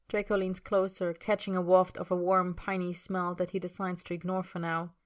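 A woman narrates a story aloud in a low, even voice. Her reading is measured and expressive, carrying scene and dialogue alike.

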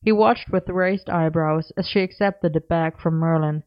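Low-voiced woman reading a story. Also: moderate pace. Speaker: audiobook narrator. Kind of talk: story narration. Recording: dull lo-fi recording.

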